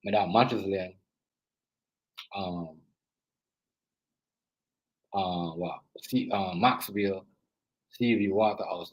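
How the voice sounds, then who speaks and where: Husky Jamaican-accented man streaming live. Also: medium pitch, rough recording. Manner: rambling, repeats himself, shouts out viewers. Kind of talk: casual live-stream chat.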